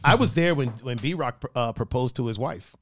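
A man hosting a livestream in a casual chat, telling animated stories full of slang. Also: medium pitch, moderate pace, slight background noise. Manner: animated storytelling with slang and laughs. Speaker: livestream host.

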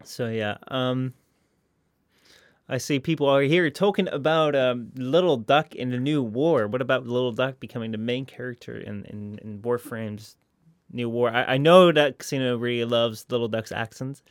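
A man co-hosting a casual podcast chat in a relaxed, rambling way. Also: mid-range voice, normal speed, dry recording, studio quality. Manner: relaxed, lots of fillers and restarts. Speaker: podcast co-host.

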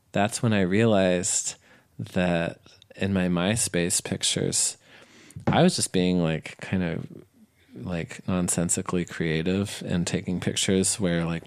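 Man, very low voice, gravelly fry, slow unhurried delivery, rambling anecdote with fillers. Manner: rambling, many fillers and restarts, laughs easily. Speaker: interview guest. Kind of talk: casual storytelling.

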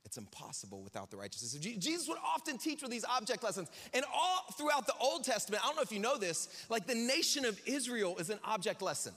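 Guy preaching, high bright voice, chatty and jokey, big echoey hall. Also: animated, fast talker, few pauses. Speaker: pastor. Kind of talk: sermon.

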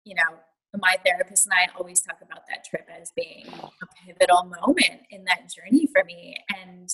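A woman's voice: fairly low pitch, fairly even intonation, normal speed, bright, forceful tone, slightly rough, poor audio. A woman guest on a podcast, telling a personal story in a candid, reflective way. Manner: candid and reflective, drops to a near whisper.

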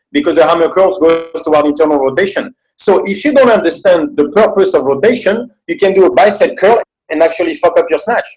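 A man's voice: fairly high pitch, low-quality recording. A man with a French accent, a strength coach, explaining training ideas step by step on a podcast. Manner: earnest, explanatory, spells out examples step by step. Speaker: strength coach, seminar guest. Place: remote video call.

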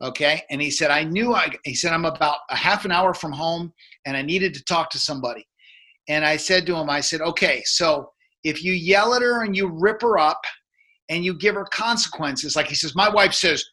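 A man's voice: fairly high pitch, normal speed, sharp tone. A man in his fifties, a men's coach, telling a story in casual conversation, rambling with many fillers and restarts.

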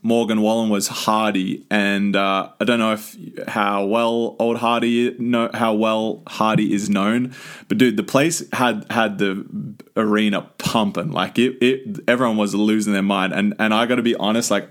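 A man's voice: lowish voice, little pitch movement, moderate pace. A young man with an Australian accent, telling a rambling, enthusiastic story as a podcast host with lots of restarts. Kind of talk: casual storytelling monologue.

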